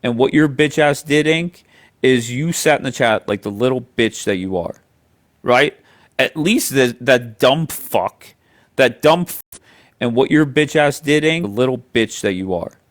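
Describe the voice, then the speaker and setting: A man's voice: mid-range voice, lively intonation, a little slow. A man hosting a livestream, arguing heatedly, swearing a lot and talking over his guest. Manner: profane, combative, talks over others. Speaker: livestream host.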